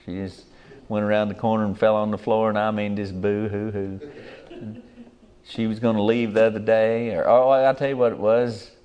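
A man's voice: on the low side, normal speed, clear, resonant tone, muffled recording. An older man, preaching a sermon in a folksy, rambling way with rural grammar.

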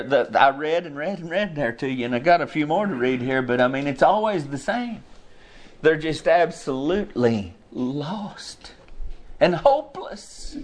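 Impassioned preacher, man. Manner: impassioned, rises to high cries when quoting. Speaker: pastor. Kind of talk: sermon.

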